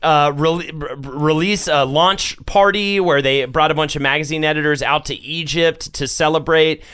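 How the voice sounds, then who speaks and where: A man's voice: a little high, steady tone, normal speed, fairly bright tone, smooth. A man co-hosting a podcast in casual chat, telling the story with many hesitations and some profanity. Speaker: podcast co-host.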